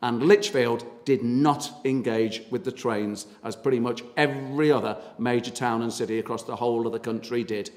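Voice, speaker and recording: A man's voice: medium pitch, fairly even intonation, normal speed, hardly any pauses, darkish tone. A man giving a local history talk, chatty and full of ums and uhs. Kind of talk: public lecture. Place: meeting hall. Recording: long hall reverb.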